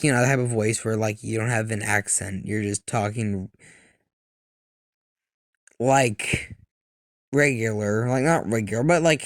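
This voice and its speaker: A man's voice: mid-range voice, no room sound. Rambling man with a dry close sound. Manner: rambling, self-correcting, laughs often. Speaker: video commentator. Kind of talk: casual rambling commentary.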